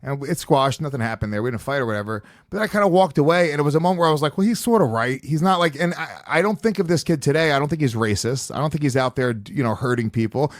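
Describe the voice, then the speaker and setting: A man hosting a podcast, talking casually with a lot of swearing and animated storytelling. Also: on the high side, quick pace, few pauses, no echo, studio quality. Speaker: podcast host.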